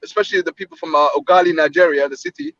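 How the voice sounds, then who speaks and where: A man's voice: a little high, animated, rapid-fire, pushed and bright, no echo. Man with a dull lo-fi sound. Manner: rambling, many fillers and restarts. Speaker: boxing channel host. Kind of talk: casual panel chat.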